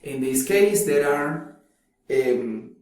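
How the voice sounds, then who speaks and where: Male lecturer, deliberate, repeats words, very slow delivery. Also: a little high, animated, darkish tone. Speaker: teacher. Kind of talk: recorded slide lecture. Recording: very echoey room.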